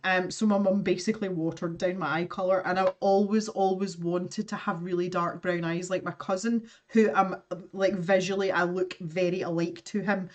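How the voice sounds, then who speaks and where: A woman's voice: lowish voice, fairly even intonation, normal speed, a little mellow, distant mic. A woman from Scotland, in her thirties, chatting casually and self-deprecatingly while she draws on a livestream and reads out viewer comments, laughing often. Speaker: artist livestreaming her drawing.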